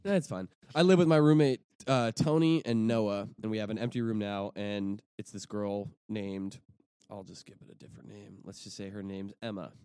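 A young man with a fairly low voice tells stories in a loose, rambling way, starting over mid-sentence and swearing freely. The sound is dry and close, with no room echo. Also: normal speed, dark tone, clear, resonant tone. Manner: rambling storytelling with restarts and swearing. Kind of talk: casual chat.

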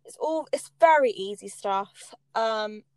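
A woman's voice: on the high side, expressive, slow, a little mellow, clean tone, no room sound. A young woman co-hosting a podcast in a casual, chatty way, laughing often. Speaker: podcast co-host. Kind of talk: casual chat.

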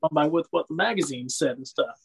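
A gravelly, slightly rough male voice, fairly high in pitch, comes through a rough recording at a little faster than average. He tells meandering wrestling stories in casual chat, often laughing and adding "you know what I mean."

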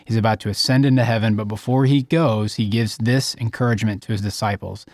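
A man's voice: fairly low pitch, steady tone, quick pace, darkish tone, no room sound, clean studio sound. A man co-hosting a faith podcast, talking candidly in a searching way and putting questions to his co-hosts. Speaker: podcast co-host. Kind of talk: conversational faith discussion.

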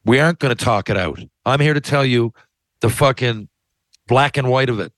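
A Canadian man launches into a heated, profane, rambling rant, frequently restarting his sentences. His medium-pitched, slightly bright voice comes at normal speed with no echo.

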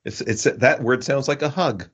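A man co-hosting a casual comedy podcast, playful and quick to laugh. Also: mid-range voice, fairly bright tone, breathy edge. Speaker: podcast co-host. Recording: dull lo-fi sound.

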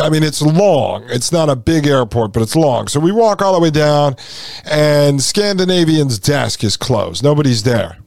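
A man's voice: on the high side, gravelly, darkish tone, no room sound, clean studio sound. A male podcast host rambling casually through a long story, full of fillers and asides.

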